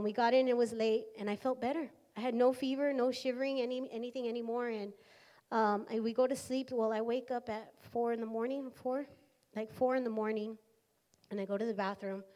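A woman's voice: a little high, a little mellow. A woman in her thirties telling a personal testimony in church, earnest and acting out the dialogue. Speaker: speaker sharing a testimony.

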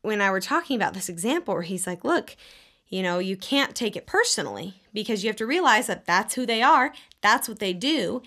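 A woman co-hosting a casual advice talk, explaining calmly. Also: mid-range voice, fairly quick. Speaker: co-host.

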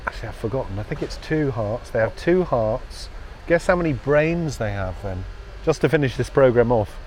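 A man co-hosting a radio show, chatting casually outdoors by a canal, full of quick interjections and teasing questions. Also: mid-range voice, animated, a little mellow, slight background noise.

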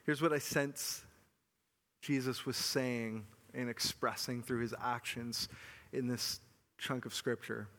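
A man preaching a sermon as pastor, earnest and often dropping to a soft, low voice. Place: church hall. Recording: long hall reverb.

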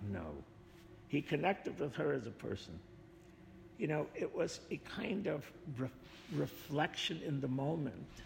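A man reading a short literary passage aloud and then reflecting on it in a thoughtful, measured, explanatory way. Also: fairly high pitch, expressive, creaky, in a large hall, slight background noise.

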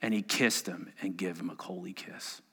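A man preaching a sermon and reading scripture aloud, swinging between hushed asides and loud exclamations. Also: sits low, fairly even intonation, normal speed, breathy edge. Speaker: pastor. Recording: long hall reverb.

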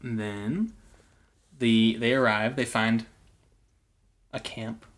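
A man's voice: mid-range voice, fairly even intonation, slow. A young man hosting a podcast, casually telling a mystery story with lots of fillers and restarts. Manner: chatty, with many fillers and restarts.

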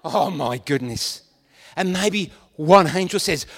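A man preaching a lively sermon to a congregation, animated and playful, acting out scenes as he goes. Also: fairly high pitch, slow, in a large hall.

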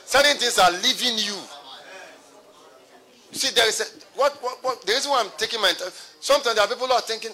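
A man's voice: extremely high pitch, quick pace, sharp tone. A pastor preaching a sermon to his congregation, repeating his phrases and calling for responses.

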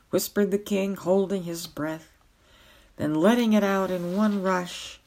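Slow, low-voiced woman reading aloud. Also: a little mellow. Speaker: storyteller reading a novel aloud. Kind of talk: slow read-aloud narration.

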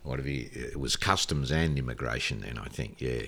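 A man's voice: very deep voice, fairly quick, sharp tone, breathy edge. An older Australian man telling rambling stories in a casual interview, swearing freely as he goes. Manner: rambling, profane, anecdotal. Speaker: guest. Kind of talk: casual storytelling.

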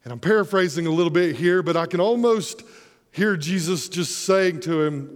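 A man's voice: a little high, normal speed, in a large hall. A man preaching a sermon as pastor, earnest and emphatic, posing rhetorical questions.

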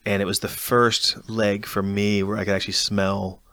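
A man hosting a casual conversation, telling lively stories about a relay race. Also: fairly low pitch, moderate pace, no echo. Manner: lively storyteller recounting a race.

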